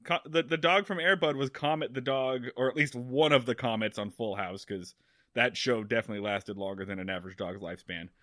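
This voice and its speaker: A man co-hosting a comedy podcast, talking excitedly in casual chat and swearing freely. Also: medium pitch, brisk, no room sound. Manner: excitable, swearing, jumps into silly quotes. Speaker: podcast co-host.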